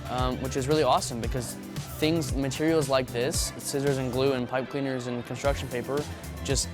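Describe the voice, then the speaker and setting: A man volunteering, speaking in a warm, reflective way in an interview. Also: mid-range voice, steady tone, moderate pace, music in the background. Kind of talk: interview soundbite.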